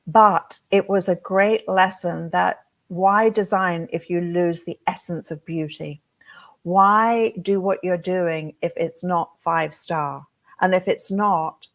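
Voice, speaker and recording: A woman from England, a hair design educator giving a motivational talk as an animated storyteller who acts out her own thoughts. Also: lowish voice.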